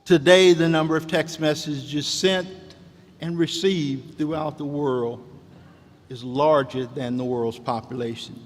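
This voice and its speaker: A man's voice: a little high, fairly even intonation, a little slow. A man giving a rousing commencement speech in a preacher-like cadence, with repeated calls to the graduates. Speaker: commencement speaker. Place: large hall. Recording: long hall reverb.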